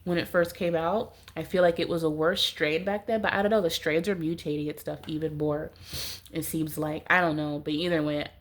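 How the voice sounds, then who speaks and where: A woman's voice: low voice, fairly even intonation, brisk. A woman with a stuffy, nasal voice giving a casual tarot reading, rambling with many "like"s. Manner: rambling, heavy use of "like". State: stuffy nose, congested. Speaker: tarot reader.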